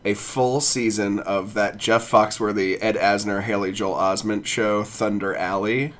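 A man's voice: fairly low pitch, fairly even intonation, a little slow, a bit bright. A man co-hosting a podcast, delivering dry, contrarian one-liners in casual chat. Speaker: podcast co-host.

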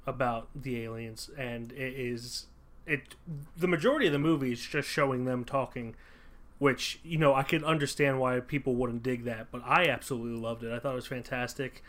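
A man's voice: medium pitch, steady tone, moderate pace, a bit bright. A man co-hosting a casual movie podcast from a room at home with poor acoustics. He rambles, with lots of fillers and restarts. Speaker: podcast co-host.

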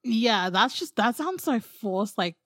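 A woman's voice: a little high, animated, takes it slowly, fairly bright tone, dry recording, studio quality. A woman chatting casually, giggling often and hesitating with fillers. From Australia. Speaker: podcast co-host. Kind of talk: casual chat.

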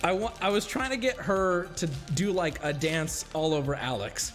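A man's voice: moderate pace, soft background music. A young adult man streamer telling a story in a casual, swearing, giggling way. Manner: animated, swears often, giggles, jumps into high-pitched shouts. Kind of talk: casual storytelling while reacting to clips.

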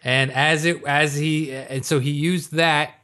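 A man's voice: on the high side, steady tone, unhurried, bright, forceful tone, clear, resonant tone. A man in casual chat, laying out a theory in a chatty, easygoing way. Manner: chatty, laughing, explains a fan theory.

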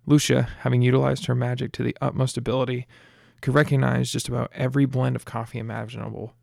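A man narrating an audiobook in a steady, plain reading voice. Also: mid-range voice, quick pace, gravelly, dry recording, studio quality.

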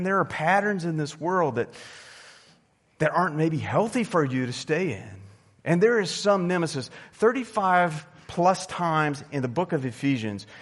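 A male pastor giving a sermon in a conversational storytelling manner, swinging between loud emphasis and soft asides. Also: fairly high pitch, in a large hall. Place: church sanctuary.

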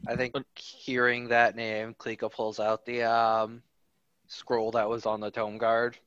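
A man's voice: medium pitch, monotone, a little slow, a bit bright, clean tone, no echo, highs cut off. A man playing in a tabletop game in casual chat. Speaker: player.

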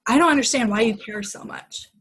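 A woman's voice: a little high, brisk, fairly bright tone, breathy edge, rough recording. A young woman, a podcast guest, retelling a bad date in casual chat, acting out quoted lines and laughing often.

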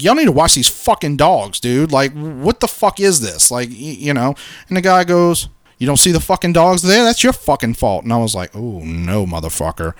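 A man's voice: mid-range voice, no echo. A man co-hosting a podcast, telling a story in casual chat, swearing freely and acting out what people said. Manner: profane, animated, acts out quotes. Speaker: podcast co-host.

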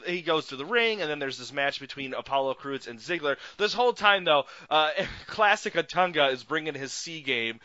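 A man co-hosts a wrestling review podcast and animatedly walks through the matches. His voice is bright and swings widely in pitch. The sound is dry and dull, like a lo-fi recording. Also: normal speed, few pauses, dry recording. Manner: animated, sets up matches and mimics excited announcers. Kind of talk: casual chat.

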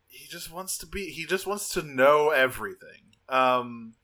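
Bright-voiced man recapping a cartoon. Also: fairly high pitch, expressive, measured pace. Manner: rambling, frequent fillers and restarts, laughs often. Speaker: podcast co-host. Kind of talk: casual chat recapping a cartoon.

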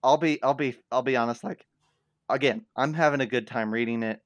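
A man co-hosting a podcast in casual chat, wry and animated, piling up asides as he makes his point. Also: medium pitch, a little fast, dry recording. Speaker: podcast co-host. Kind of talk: casual book discussion.

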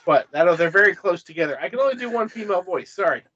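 A man's voice: high-pitched, expressive, very fast, a bit bright. A man reading a gamebook aloud with friends, flustered and self-deprecating, swearing often. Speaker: reader. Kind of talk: casual chat, reading aloud. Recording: dull lo-fi mic.

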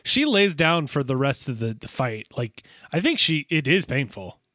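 A man co-hosting a podcast, chatting about a TV episode with quick, animated reactions and easy laughter. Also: medium pitch, dry recording, studio quality. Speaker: podcast co-host. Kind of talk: casual episode recap chat.

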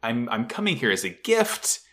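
A man's voice: medium pitch, very animated, normal speed, bright, forceful tone. A man voicing a nervous, fake-friendly teenage boy pilot who pleads in an overeager way. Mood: fake cheerful.

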